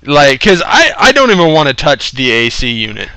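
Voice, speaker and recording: A man's voice: fairly high pitch, huge pitch swings, moderate pace, sharp tone, clean tone, dry recording, low-quality recording. A man telling a story in casual chat, swearing freely and laughing often between phrases.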